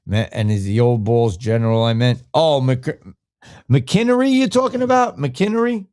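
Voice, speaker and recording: Male podcast host, casual live-stream chat, rambling and profane, pitch swinging widely up and down. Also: big pitch swings, normal speed, a little mellow.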